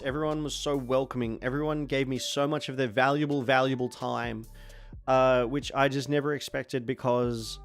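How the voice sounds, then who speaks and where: A man in his forties with an Australian accent, chatting casually on a stream in a rambling way, sometimes bursting into excited shouting. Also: mid-range voice. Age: 40s.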